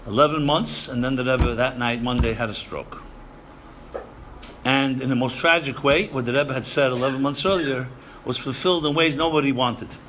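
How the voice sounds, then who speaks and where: Emphatic bright-voiced man lecturing. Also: medium pitch, normal speed, slight background noise. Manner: emphatic, repeats phrases, Yiddish and Hebrew terms. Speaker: rabbi lecturing seminary students. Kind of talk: sermon-style lecture.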